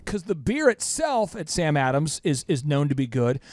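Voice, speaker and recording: A man's voice: fairly high pitch, sing-song, moderate pace, darkish tone, no room sound, studio quality. A man hosting a business podcast, talking emphatically and repeating lines for punch. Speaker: podcast host. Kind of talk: energetic business podcast talk.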